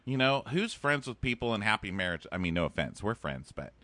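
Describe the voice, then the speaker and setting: A man's voice: on the low side, very animated, brisk, sharp tone, no echo. A man co-hosting a podcast, chatting casually and acting out quotes in exaggerated voices. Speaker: podcast co-host. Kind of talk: casual chat recapping a TV show.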